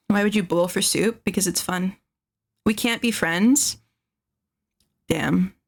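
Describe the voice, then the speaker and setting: Young woman streamer, casual rambling chat, profane and sarcastic, middle pitch. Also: slow pace, fairly bright tone, breathy edge.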